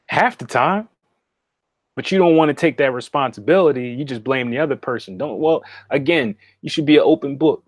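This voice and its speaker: Talking at a normal speed with long pauses, a man with a slightly high voice hosts a casual livestream from his home meditation room as a spiritual consultant. He's direct and repetitive with viewers, frequently saying "okay?", and the sound is clean studio audio with no echo.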